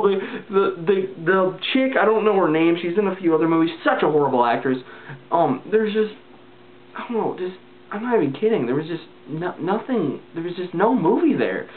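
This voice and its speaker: A man's voice: high voice, lively intonation, moderate pace. A man casually ranting in a vlog, rambling and exasperated, with lots of filler words. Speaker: vlogger. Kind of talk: casual ranting movie review. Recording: tinny phone-like lo-fi sound.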